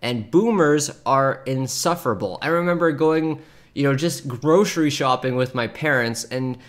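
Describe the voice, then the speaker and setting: A man in his 30s streams himself reacting to online posts, reading them aloud with asides and laughing often through his reactions. His voice is medium-pitched and moderately paced, and the talk is casual and chatty.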